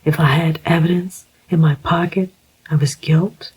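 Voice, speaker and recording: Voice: medium pitch, steady tone, normal speed, a little mellow, breathy edge, poor audio. A narrator whispering the part of a firm, principled older man who is a father, as whispered role-play. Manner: firm, emphatic.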